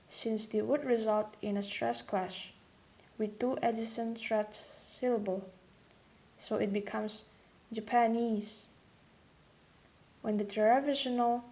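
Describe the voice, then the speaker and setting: Brief: young woman, student presenter, reads slowly, higher voice, repeats examples. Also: a little mellow. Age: young adult. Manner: slow, careful, repeats example words. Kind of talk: read-aloud class presentation.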